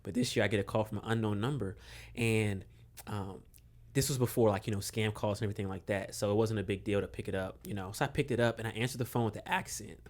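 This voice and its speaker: A young man from Maryland, a guest on a podcast, telling a relaxed story with lots of fillers and chuckles. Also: fairly low pitch, fast. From Maryland, USA. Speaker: podcast guest, basketball coach. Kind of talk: casual storytelling interview.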